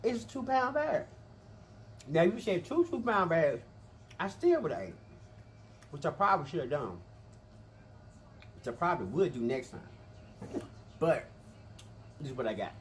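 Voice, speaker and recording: A man hosting an eating vlog, chatting casually and very quickly with lots of energy. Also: fairly high pitch, slight background noise. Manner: rapid, animated, chatty, says he talks fast. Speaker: mukbang host.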